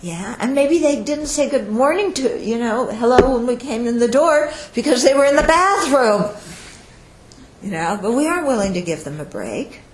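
The audio is poor and roomy, with a little hiss or hum, as a woman whose voice sits on the high side speaks at a moderate pace. She is giving a conversational dharma talk on Buddhism to an audience, often pausing to check in with them. She brings quoted speech to life with animated shifts in her voice.

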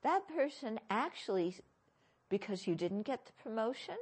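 A woman teaching as a Buddhist teacher in a dharma talk, questioning her listeners with gentle humor. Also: a little high, very animated, normal speed, husky.

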